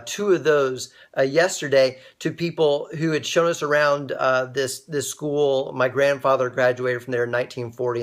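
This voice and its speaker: A young man hosting a casual inspirational livestream, telling a personal story and greeting viewers by name as they join. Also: mid-range voice. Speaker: livestream host.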